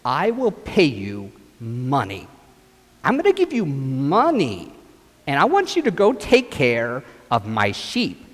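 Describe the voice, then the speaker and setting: A man's voice: medium pitch, huge pitch swings, takes it slowly, fairly bright tone, pitched below the performer's own voice, heavily acted. A man voicing a sheep owner who offers a helper money to look after his flock. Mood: persuasive. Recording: long church reverb.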